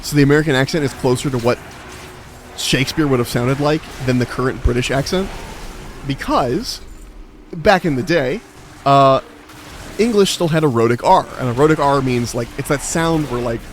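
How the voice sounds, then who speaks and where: A young man streams a game and chats in a loose, rambling way, often swearing and laughing at himself. His voice sits at an ordinary middle pitch. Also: normal speed, long pauses, background noise. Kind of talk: casual gaming stream chat.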